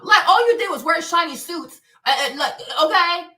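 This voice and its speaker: A woman hosting her own stream, talking in an animated, blunt way with plenty of profanity and repetition. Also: very high-pitched, moderate pace, hardly any pauses. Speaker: show host. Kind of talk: livestream commentary rant. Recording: echoey room, distant from mic.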